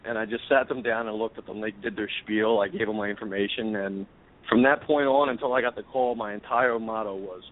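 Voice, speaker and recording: A man's voice: lowish voice, fairly even intonation, a little fast. Candid, swearing man on a tinny line. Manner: candid, profane storyteller with frequent restarts. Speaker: guest chef. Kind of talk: casual chat. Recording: tinny phone-like sound.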